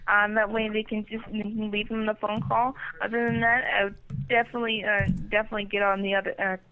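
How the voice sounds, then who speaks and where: A woman's voice: mid-range voice, flat delivery, fast, soft background music. A woman working as a customer service agent on the phone, polite and hesitant. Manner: polite, hesitant, repeats "definitely, sir". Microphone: telephone. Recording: muffled phone line.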